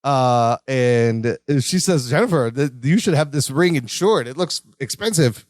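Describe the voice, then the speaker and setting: A man co-hosting a podcast, chatting casually about a sitcom episode, laughing often and dropping his voice low for quoted lines. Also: animated, unhurried, a little mellow, no echo, clean studio sound. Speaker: podcast co-host. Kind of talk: casual recap chat.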